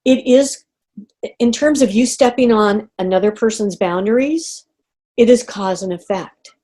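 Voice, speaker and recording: A middle-aged woman leading an online group coaching call, talking in an animated way and acting out inner reactions. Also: fairly high pitch, measured pace. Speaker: coach running a group session. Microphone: video call.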